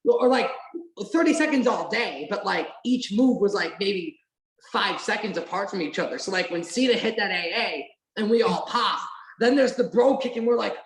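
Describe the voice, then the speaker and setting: A woman guest on a podcast, telling wrestling memories in an excited, rambling way and swearing now and then. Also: mid-range voice, normal speed. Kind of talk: casual podcast chat. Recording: roomy echo.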